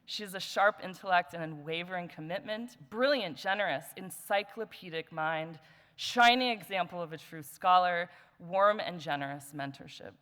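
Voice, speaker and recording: A woman's voice: fairly low pitch, normal speed, fairly bright tone. A woman, a former student, introducing an award winner at a conference with light jokes, reading out lists of qualities one by one. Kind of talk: introduction speech at an award session. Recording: long hall reverb.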